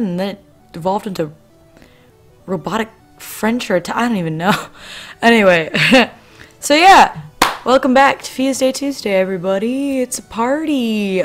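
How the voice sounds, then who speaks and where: A young woman talks casually over her artwork in a bubbly, rambling way, full of ums and little asides. Her voice sits at an ordinary middle pitch, close to a desk mic, and faint music plays underneath. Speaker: art channel host. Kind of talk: casual voice-over commentary on a drawing. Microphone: desk microphone.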